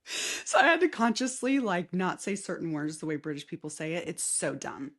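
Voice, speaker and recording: A woman hosting a casual solo podcast with a light Southern accent, chatty and rambling, often laughing and dropping into soft asides. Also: on the low side, very animated, normal speed. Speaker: podcast host. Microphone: camera mic facing the speaker.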